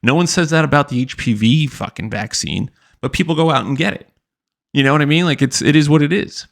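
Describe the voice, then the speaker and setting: Brief: young male podcast host, gravelly, profane and blunt, casual rant delivery. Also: a little high, brisk. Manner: blunt, profane, mocking impressions. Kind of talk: profane ranting commentary.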